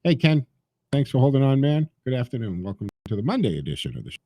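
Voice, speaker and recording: A man's voice: medium pitch, very animated, quick pace, dark tone, no room sound. A man hosting a call-in talk radio show, talking emphatically and sarcastically and addressing his listeners directly.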